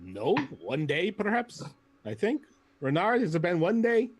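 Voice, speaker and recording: Husky, animated man playing boastfully. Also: high-pitched, a little slow. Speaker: player.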